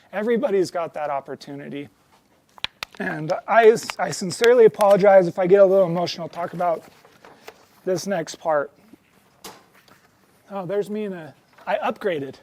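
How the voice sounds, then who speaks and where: Earnest high-voiced man. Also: a little mellow. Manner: earnest and heartfelt, many ums and restarts. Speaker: guest speaker. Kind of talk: storytelling talk to an audience.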